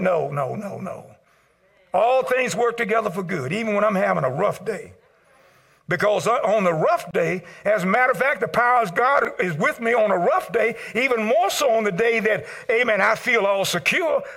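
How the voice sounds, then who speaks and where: Preaching pastor with a husky, gravelly voice. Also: male voice, animated, normal speed. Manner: swings from shouting highs to hushed lows; calls out to the congregation. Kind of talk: sermon. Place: church service.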